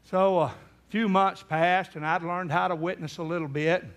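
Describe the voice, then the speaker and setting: A middle-aged man preaches in a voice pitched well above most men. He tells a story and acts out the people in it, his voice climbing toward a cry at the emotional peaks. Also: steady tone, moderate pace. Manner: acts out quoted voices, rising to near-shouts in emotional peaks. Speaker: evangelist. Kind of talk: sermon storytelling.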